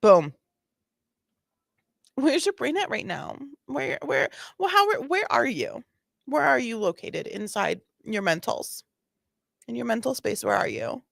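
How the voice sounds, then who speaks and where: A woman's voice: fairly high pitch, sing-song, unhurried, gravelly, long pauses, fairly bright tone, dry recording, studio quality. A woman hosting a casual commentary on bodycam footage, sassy and exasperated, repeating her points. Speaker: host.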